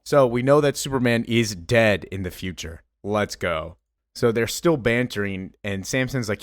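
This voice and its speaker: Casual comic recap host, rambling and loose, dry close recording. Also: male voice, on the low side, animated, moderate pace, dry recording.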